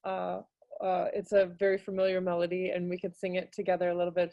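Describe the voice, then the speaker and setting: A woman's voice: monotone, fast talker, mellow, no room sound, lo-fi sound. A woman giving a casual, filler-heavy webinar talk on a video call. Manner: casual and hesitant, many fillers, bursts into high singing demonstrations. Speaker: music teaching artist presenter.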